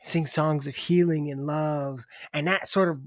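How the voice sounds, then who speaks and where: A man's voice: fairly high pitch, steady tone, measured pace, no room sound, clean studio sound. A middle-aged man talking candidly as a podcast guest, restarting his sentences and swearing casually. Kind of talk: casual conversation.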